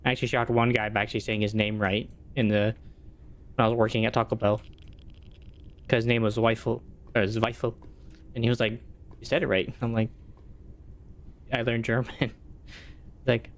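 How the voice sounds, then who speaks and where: Chatty man streaming a game. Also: on the low side. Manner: chatty, answers chat between game reactions. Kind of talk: casual chat while gaming.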